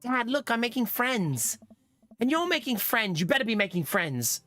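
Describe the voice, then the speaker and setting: A man's voice: extremely high pitch, big pitch swings, normal speed, bright, forceful tone, no echo, soft background music, pitched above the performer's own voice, heavily acted. A man voicing a chirpy, cheerful teenage daughter. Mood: perky.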